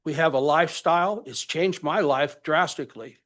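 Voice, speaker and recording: An older man giving public comment at a college budget meeting, emotional and halting as he speaks. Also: a little high, a bit bright.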